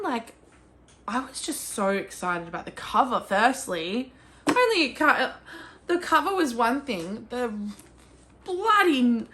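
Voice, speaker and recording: An Australian woman talking in a casual chat about books she loves, gushing and excitable, and she swears freely. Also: mid-range voice, a little hiss or hum. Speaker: book vlogger. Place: at home with her cat.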